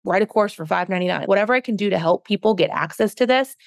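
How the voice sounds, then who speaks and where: A woman's voice: mid-range voice, quick pace, gravelly, no echo. A woman guest on a podcast interview, a fitness coach who talks earnestly and passionately and becomes openly emotional about her work.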